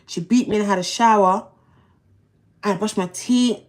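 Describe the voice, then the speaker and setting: On her livestream, a woman with a mid-range voice shares a personal story at normal speed. As host she talks bluntly, drops slang and profanity, and repeats herself a lot.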